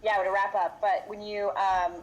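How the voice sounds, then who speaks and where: A woman's voice: mid-range voice, level tone, normal speed, slight background noise, low-quality recording. Hesitant woman podcast guest. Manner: hesitant, restarts, many fillers. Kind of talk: casual podcast chat.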